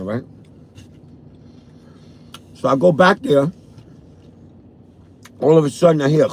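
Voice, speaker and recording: A man with a New York accent, a vlogger telling a profane, animated story from his car on a morning drive. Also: mid-range voice. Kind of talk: casual storytelling.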